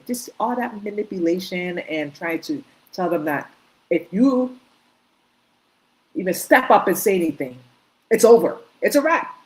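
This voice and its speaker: A woman's voice: on the low side, animated, moderate pace, rough recording. A woman co-host giving emphatic commentary, agreeing and building on the point.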